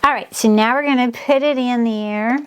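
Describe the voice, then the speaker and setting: A woman with a fairly high voice hosts a DIY craft channel, with slight background noise on the recording. In this casual tutorial she explains each step in an unhurried, chatty way, gasping, squealing and gushing over how her crafts turn out.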